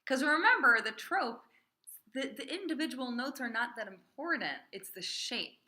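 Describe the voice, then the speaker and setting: A woman cantor teaching a small class how to chant Torah trope, chatty and encouraging, often checking with "right?" and singing phrases slowly. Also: high-pitched, expressive, bright, forceful tone. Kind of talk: informal small-group class.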